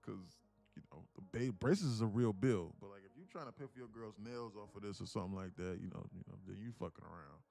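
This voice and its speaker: A man with a low-leaning voice and vocal fry talks fast while hosting a live day-trading stream. He's lively and profane in his casual chat with viewers, joking constantly and laughing often.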